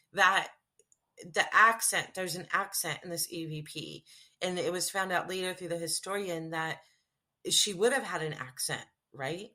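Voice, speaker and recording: A woman hosting a podcast interview, asking curious questions and reacting eagerly with quick interjections. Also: lowish voice, sharp tone. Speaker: podcast host. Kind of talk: casual interview.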